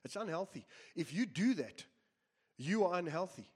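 Male pastor, emphatic repeating sermon delivery, slightly higher voice. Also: animated, normal speed, darkish tone, slightly rough. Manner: earnest, emphatic preaching with repeated phrases.

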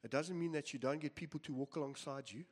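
Male pastor, emphatic repeating sermon delivery, slightly higher voice. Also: fast talker. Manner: earnest, emphatic preaching with repeated phrases.

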